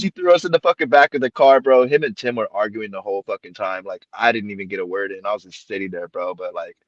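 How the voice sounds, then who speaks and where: A man's voice: mid-range voice, no echo. A young man on a stream panel telling a story in a laid-back, profane way. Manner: laid-back, profane, acts out quoted voices. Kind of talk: casual storytelling. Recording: dull, dry lo-fi call audio.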